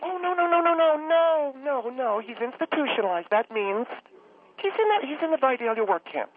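A man performs a full character voice at an extremely high, sing-song pitch and moderate pace, portraying a gushing middle-aged woman calling in who rambles endlessly and chokes up easily. It sounds like a tinny phone line with faint hiss and no room sound.

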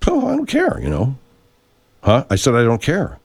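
An actor goes full character voice for a radio comedy bit: mid-range with huge pitch swings, moderate pace, vocal fry and a slightly rough edge. He plays a defensive, congested middle-aged voice-over man who swears, argues, stammers into restarts and insists he isn't laughing.

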